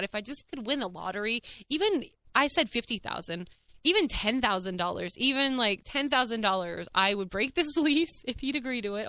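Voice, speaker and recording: Frank woman podcaster, bright tense voice, dry close sound, chatty and animated. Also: medium pitch, clean tone, dry recording. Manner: frank, animated, heavy use of "like"; swears casually. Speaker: podcast host. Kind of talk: candid casual storytelling.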